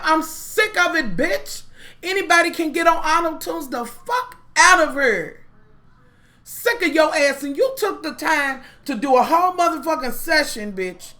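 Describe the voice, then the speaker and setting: A woman's voice: sits high, pushed and bright. A young woman vlogger giving a blunt, foul-mouthed, exasperated rant reviewing reality TV. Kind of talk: profane ranting commentary.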